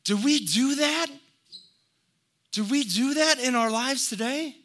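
Taking his time, a pastor with a very high-pitched, slightly bright voice delivers a sermon. He earnestly spins folksy tales, laughing lightly, and then works up to forceful exhortations.

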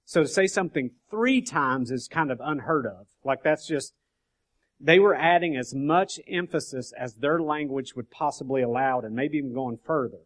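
A man teaching a relaxed Bible study group, speaking at an ordinary middle pitch. He talks in a loose, conversational way, stopping often to ask his listeners whether they are following and restarting his sentences as he goes. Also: normal speed. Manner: conversational, frequent "okay?" check-ins and restarts.

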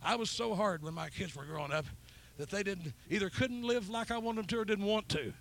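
A man's voice, pitched high with a gravelly edge, carries a revival sermon through a church. He is middle-aged and talks with fervent storytelling energy. Hallelujahs punctuate his lines. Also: a little fast, a bit bright. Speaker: preacher. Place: church sanctuary.

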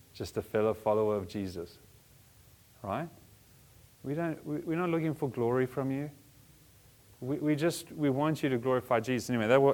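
A man in his forties preaching a sermon as a pastor, animated, joking with the congregation and swinging between soft and loud. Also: medium pitch. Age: 40s. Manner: animated, varies loudness, jokes with congregation.

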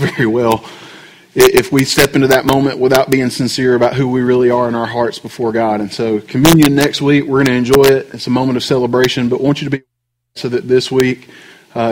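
A man's voice: mid-range voice, a little hiss or hum, rough recording. A man in his thirties or forties, a pastor who preaches in a casual, storytelling way and keeps checking in with the congregation. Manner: conversational, animated, asks the congregation frequent checks like "right?". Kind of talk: sermon with storytelling.

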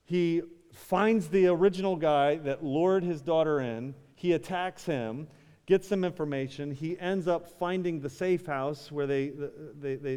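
A man's voice: a little high, darkish tone, clear, resonant tone. A man preaching a sermon to his church, building to fervent peaks and calling out to the congregation. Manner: rising to fervent climaxes, addresses the church directly. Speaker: pastor. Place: church sanctuary. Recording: long hall reverb.

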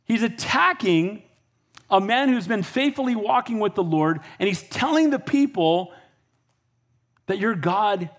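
High-voiced, blunt, conversational preacher. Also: male voice, measured pace. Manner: energetic and conversational, often asks "Amen?" and blunt asides. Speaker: pastor. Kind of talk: sermon.

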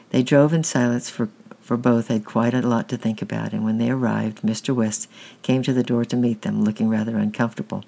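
A man reading a children's novel aloud in a plain, unhurried way, with occasional slips. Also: mid-range voice, steady tone, creaky, mellow. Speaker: reader.

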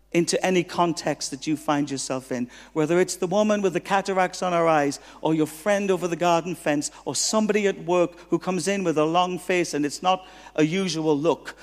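A man preaching as a guest pastor, telling stories with humor and acting out the dialogue. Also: sits high. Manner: animated, humorous, acts out dialogue. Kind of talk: sermon with storytelling. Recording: long reverb of a hall.

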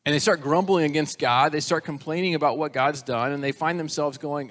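A man preaching a sermon, retelling scripture as a lively story and acting out the quoted voices. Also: on the high side, fairly quick, hardly any pauses. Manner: storytelling, acts out quoted voices with rising energy. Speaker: pastor.

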